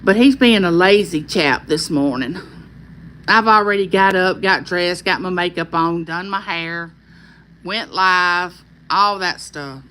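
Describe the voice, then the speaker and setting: A woman's voice: fairly low pitch, unhurried, fairly bright tone, slight background noise, rough recording. A woman with a Southern accent hosting a casual live stream, chatting and reading viewer comments aloud in a friendly, folksy drawl. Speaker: YouTube host on a live stream.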